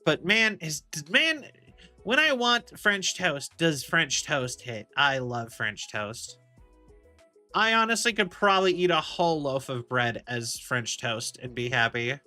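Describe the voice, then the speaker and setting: A man's voice: a little high, very animated, unhurried, bright, forceful tone, soft background music. A man streaming a game, chatting casually and rambling with frequent laughs. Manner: rambling, chatty, laughs often, many restarts. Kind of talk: casual chat while gaming.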